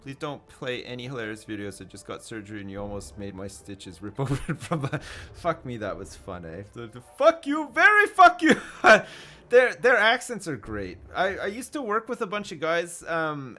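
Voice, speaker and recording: A man's voice: mid-range voice, bright, forceful tone. A man streaming a video game live, chatting casually with his viewers and swearing freely. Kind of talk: live commentary over gameplay.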